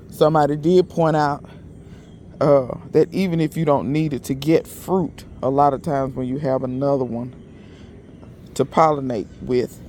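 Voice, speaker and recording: A man's voice: medium pitch, darkish tone, a little hiss or hum. A man chatting to viewers in a casual, folksy gardening vlog, recorded outdoors in his yard. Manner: chatty, folksy, talks straight to viewers as y'all. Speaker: gardening vlogger.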